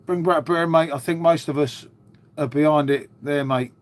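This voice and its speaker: A man's voice: a little high, fairly even intonation, normal speed. Chatty middle-aged man, matey. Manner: chatty, matey, peppers talk with "mate" and "um". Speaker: livestream host. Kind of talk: casual live chat with viewers.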